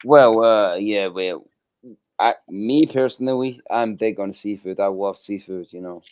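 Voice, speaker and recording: A man's voice: on the low side, measured pace, a little mellow, smooth. A man from Scotland chatting casually on a video call, rambling and hesitant with many ums and the odd swear word. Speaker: host. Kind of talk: casual chat.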